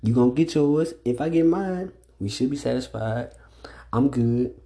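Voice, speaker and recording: A young man talks straight into his own podcast, alone and unscripted. His voice is dark and mellow, his delivery blunt and full of profanity, and he leans harder on his points as he goes. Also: mid-range voice, animated, normal speed. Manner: blunt, profane, ranting with rising emphasis. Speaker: podcast host. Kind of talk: solo casual podcast monologue.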